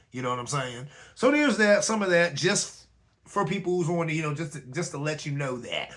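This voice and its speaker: A man's voice: fairly high pitch, sing-song, fairly quick, fairly bright tone. A man hosting his own talk show, speaking in a loose conversational way and often asking "you know what I'm saying?". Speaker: host. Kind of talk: casual commentary monologue.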